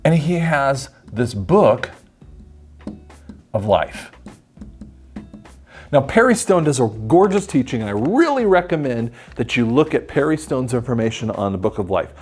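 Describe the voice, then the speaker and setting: A man preaches on scripture in an animated, conversational teaching voice that swoops up and down as he acts out the people he quotes. His tone is slightly husky and mid-pitched. Soft music plays faintly underneath. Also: a little slow, long pauses. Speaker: Bible teacher. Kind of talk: sermon-style Bible teaching.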